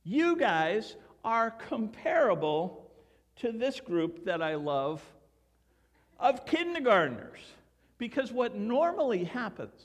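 An older man, a grandfather, preaching a sermon in a church and telling stories with lively quoted voices. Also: sits high, takes it slowly, in a large hall. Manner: storytelling, animated, acts out quoted voices. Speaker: pastor. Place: church sanctuary.

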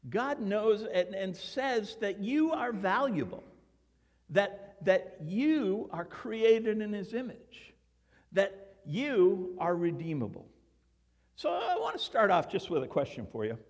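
An older man preaching to his church, slightly high-voiced for a man and very lively in pitch, rising and falling as he tells stories. He acts out quoted voices along the way. His voice rings with the long reverb of a large hall. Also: slow pace. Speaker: pastor. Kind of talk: sermon. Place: church sanctuary.

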